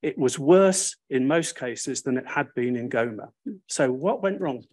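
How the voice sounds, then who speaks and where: A man's voice: mid-range voice, animated, unhurried, darkish tone. An older man speaking on a panel, recounting history in a wry, self-deprecating and emphatic way. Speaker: panel speaker, Sphere's first chair.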